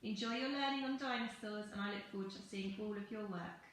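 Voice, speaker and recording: A woman teacher reading a rhyming picture book aloud in an expressive, rhythmic storytelling manner. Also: mid-range voice, fairly quick, a little hiss or hum. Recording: very echoey room.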